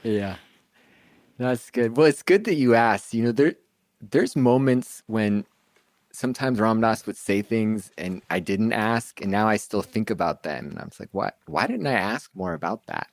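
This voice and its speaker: A man's voice: fairly low pitch, measured pace, no echo. A male podcast host speaking reflectively and hesitantly in a casual interview. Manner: soft-spoken, reflective, hesitant.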